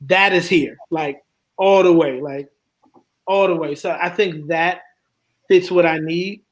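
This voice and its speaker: A man's voice: on the high side, a little slow, low-quality recording. A laid-back man from the US East Coast, chatting casually as a roundtable guest in a slangy, rambling way. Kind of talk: casual chat.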